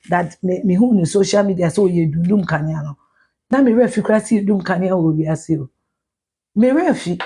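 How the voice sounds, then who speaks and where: A middle-aged Ghanaian woman with a Ghanaian accent, ranting loudly and profanely in a live video, slipping into Twi. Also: mid-range voice, slightly rough. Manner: loud, profane, mixes in Twi. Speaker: social media personality.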